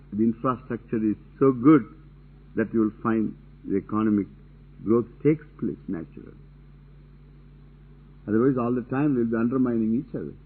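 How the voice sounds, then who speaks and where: This spiritual teacher's voice is husky and fairly low as he gives a religious discourse. He talks emphatically, repeats his key phrases, and drops in casual asides, all captured on a tinny, narrow-band, lo-fi recording.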